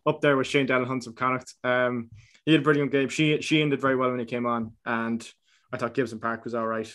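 A man's voice: medium pitch, flat delivery, fast talker, a bit bright. A young Irish man co-hosting a podcast, telling stories in a casual chat with frequent laughs. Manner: laughs often, chatty storytelling with restarts. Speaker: podcast co-host.

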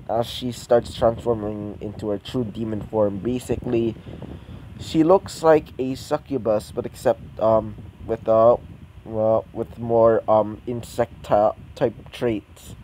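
Hesitant, slow-talking male storyteller. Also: mid-range voice, fairly even intonation, dark tone, slight background noise, poor audio. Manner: hesitant, full of ums and restarts. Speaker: fan story narrator. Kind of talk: improvised fan-fiction narration.

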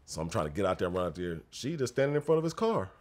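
A man's voice: sits low, sing-song, rapid-fire. A man in his forties, a former pro basketball player and podcast guest, telling stories with lots of laughter and swearing and acting out what people said. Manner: laughing, profane, acts out quotes. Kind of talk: casual storytelling chat.

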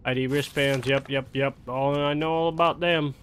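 A man's voice: mid-range voice, steady tone, normal speed, fairly bright tone, clear, resonant tone. A young man giving casual let's-play commentary, chatting and swearing freely as he plays. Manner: casual, swears a lot, grows angry and exasperated. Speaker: gameplay commentator.

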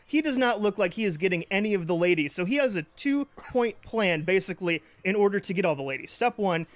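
A man in casual gaming banter, loud and excitable, swearing a lot. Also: sits high, fairly quick. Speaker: gaming video regular.

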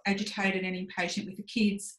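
A little fast and a bit bright, her medium-pitched voice keeps a level tone: a woman in her forties guesting on a podcast. She talks frankly and reflectively, acting out her inner voice as she shares her story, recorded with roomy echo.

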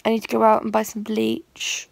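Young woman, casual vlogger, self-deprecating chatter into a phone, slightly high voice. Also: completely flat delivery, normal speed, vocal fry. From United Kingdom. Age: young adult. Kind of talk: casual vlog chat.

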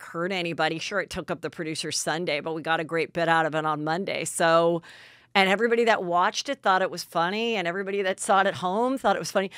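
A woman's voice: mid-range voice, a bit bright, smooth, no room sound, studio quality. A woman hosting a podcast, telling stories in casual gossip chat and acting out what people said. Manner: chatty storyteller, acting out quotes. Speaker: podcast host.

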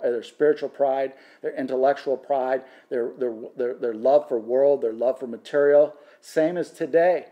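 A man's voice: mid-range voice, highs cut off. A man teaching through a Bible passage in sermon style, impassioned and rising to fervent emphasis, with frequent restarts.

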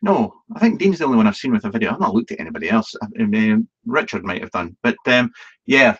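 Talking fast with big pitch swings, a man with a low, fairly bright, slightly rough voice hosts a live Q&A stream. He rambles casually, full of ums and restarts, self-deprecating and swearing now and then, over dull, lo-fi stream audio.

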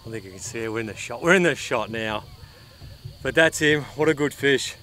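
An Australian man vlogging his fishing outdoors, excitedly talking to the fish and the viewers as he fights and lands it. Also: mid-range voice, brisk. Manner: excitable, chatty, swears and laughs while fighting fish. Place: outdoors on the water.

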